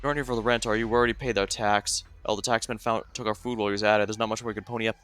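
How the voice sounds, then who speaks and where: A man voicing a surly village farmer in a game story, gruff and blustering. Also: lowish voice, fairly even intonation, rapid-fire, fairly bright tone, close to an everyday voice. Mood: suspicious.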